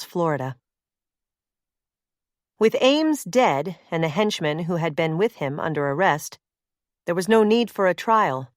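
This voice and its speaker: A woman reading a suspense novel as audiobook narrator, in a steady, measured way. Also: deep voice, dry recording, studio quality.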